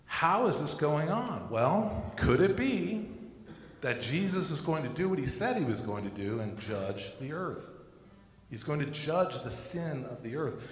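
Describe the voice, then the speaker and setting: A man's voice: a little high, big pitch swings, a little slow. Earnest man preaching in an echoey room. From United States. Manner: earnest, personal testimony mixed with scripture. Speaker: Christian teacher. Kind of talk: recorded sermon. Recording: echoey room with long reverb.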